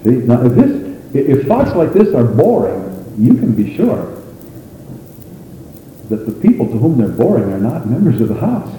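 A man preaching a sermon in an animated, folksy way, with frequent exclamations. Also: mid-range voice, normal speed. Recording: echoey hall with faint noise.

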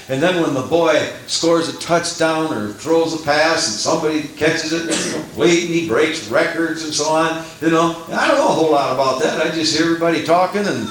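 A man preaching a sermon in a folksy, animated way, swelling into excited outbursts, heard from a distance in an echoey church. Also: fairly high pitch, normal speed. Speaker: pastor. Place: church sanctuary.

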